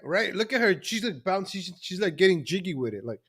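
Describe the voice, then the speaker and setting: A man's voice: high voice, expressive, quick pace, few pauses, fairly bright tone. Sarcastic male commentary host. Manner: mocking, sarcastic running commentary. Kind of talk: live political commentary.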